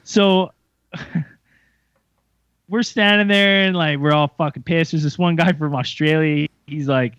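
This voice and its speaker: A young man co-hosting a podcast, telling a story in a lively, profane way and acting out the voices of others. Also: on the high side, slow, long pauses, clear, resonant tone, no room sound. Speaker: podcast co-host. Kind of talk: casual storytelling chat. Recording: muffled lo-fi sound.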